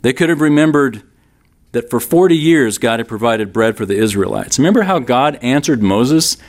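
Emphatic male Bible teacher, lively pitch. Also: normal speed. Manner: emphatic, repeats key lines, addresses listeners directly. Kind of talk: sermon-style Bible teaching.

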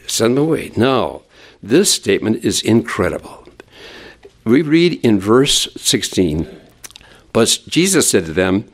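Lively male Bible teacher. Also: mid-range voice. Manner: expressive, dramatizes quoted lines, conversational asides. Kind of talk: expository sermon.

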